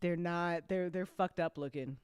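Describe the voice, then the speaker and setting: A woman hosting a casual after-show chat, talking in an animated way and laughing often. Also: lowish voice, normal speed, smooth, no room sound. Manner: giggly, animated, frequent laughter. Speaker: host and show creator. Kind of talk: casual chat after a live listen party.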